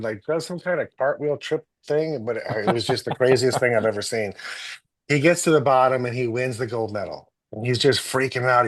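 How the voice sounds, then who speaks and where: A man, a guest doctor, telling stories in a relaxed interview, animated and full of restarts. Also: mid-range voice. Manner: animated storyteller, many restarts and acted-out quotes. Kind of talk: casual storytelling in an interview.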